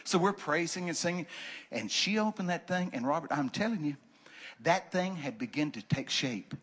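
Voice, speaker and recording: Folksy preacher man, lively. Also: a little high, moderate pace, husky. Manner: folksy, joking, loud bursts with laughter. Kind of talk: animated pulpit storytelling. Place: church sanctuary.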